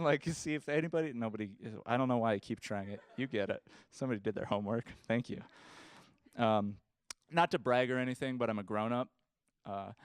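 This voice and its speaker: A man's voice: medium pitch, clear, resonant tone, no room sound, studio quality. Rambling young man doing stand-up. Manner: rambling, self-deprecating, halting restarts. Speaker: stand-up comedian. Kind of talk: stand-up set. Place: comedy stage before a live audience.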